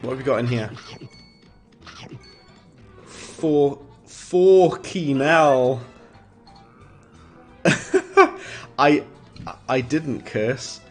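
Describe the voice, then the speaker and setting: Male streamer, mid-pitched, casual rambling play-by-play, chuckles at own jokes, faint game music behind. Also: drawn-out words, pauses often, slightly rough. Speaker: gaming streamer. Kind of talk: casual gameplay commentary.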